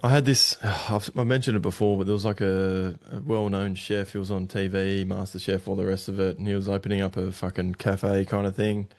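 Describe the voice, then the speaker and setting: A man's voice: low voice, level tone, brisk, hardly any pauses, darkish tone. A middle-aged Australian man hosting a podcast in casual chat, blunt and swearing freely. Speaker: podcast host.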